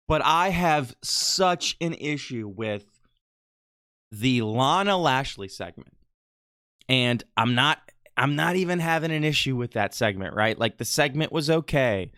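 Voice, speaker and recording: A man's voice: medium pitch, animated, measured pace, a bit bright, smooth, no room sound, clean studio sound. A man co-hosting a casual wrestling podcast, opinionated and ranting. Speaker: podcast co-host.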